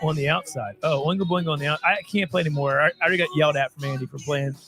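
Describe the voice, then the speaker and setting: A man co-hosting a casual music stream, excitable and playful, quick to apologize. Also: on the high side. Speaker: co-host. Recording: music playing behind.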